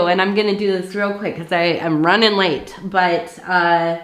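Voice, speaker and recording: A woman's voice: lowish voice, steady tone, moderate pace, few pauses, fairly bright tone, echoey room. A woman doing a casual ASMR tea leaf reading, talking in a chatty way with many fillers and asides.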